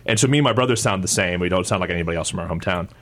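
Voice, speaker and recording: Podcast co-host, male, upstate New York, low-ish voice, loose rambling talker. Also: racing, fairly bright tone. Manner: rambling, laughing, full of fillers. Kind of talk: casual chat.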